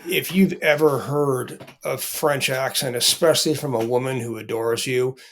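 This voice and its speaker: A man's voice: medium pitch, fairly even intonation, normal speed, a bit bright, a little hiss or hum. A man who is an author, talking candidly in casual conversation, rambling with restarts and frequent swearing.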